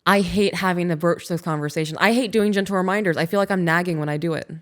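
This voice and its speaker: A woman's voice: fairly low pitch, quick pace. A young adult woman co-hosting a casual podcast, laughing often and acting out what she and her husband said. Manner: laughs often, acts out quoted lines. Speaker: podcast co-host. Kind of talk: casual chat.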